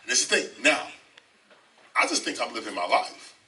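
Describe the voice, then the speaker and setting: A man's voice: medium pitch, very animated, normal speed, sharp tone. An older man telling his life story in an interview, emphatic and repeating phrases, often asking "okay?". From South Bronx, New York. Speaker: interview guest, rapper and teacher. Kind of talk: animated storytelling. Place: library, indoors. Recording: distant mic, faint background noise.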